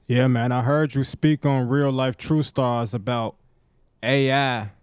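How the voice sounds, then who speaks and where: Smooth-voiced man asking quick questions. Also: medium pitch, fairly even intonation, no echo, clean studio sound. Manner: brief, plain, quick questions. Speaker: interview host. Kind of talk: casual interview questions.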